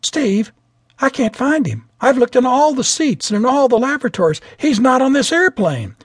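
A flustered young flight attendant with a high voice that jumps and stammers, put on by a male audiobook narrator. Her husky tone climbs as she panics, in a dry, close reading. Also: expressive, moderate pace, dry recording, full character voice. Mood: frightened. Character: flustered young woman flight attendant, sassy then scared.

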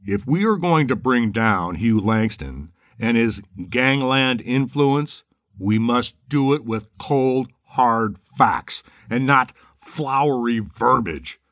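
A male narrator voicing a gruff, blustering newspaper publisher who rants forcefully, recorded dry. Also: medium pitch, big pitch swings, moderate pace, no echo, pitched above the performer's own voice. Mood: ranting. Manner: bellowing, forceful rant.

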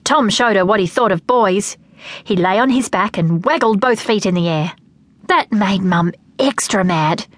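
A woman narrating a children's audiobook with lively, expressive delivery. Her voice sits at a middling pitch. The studio sound is dry and close. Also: a little slow, no echo.

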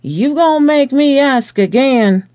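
A man voicing a surly, suspicious Southern male police officer in an audiobook, with a harsh drawl pitched higher and louder than his narration. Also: wildly swooping pitch, very slow, no room sound, highs cut off, heavily acted.

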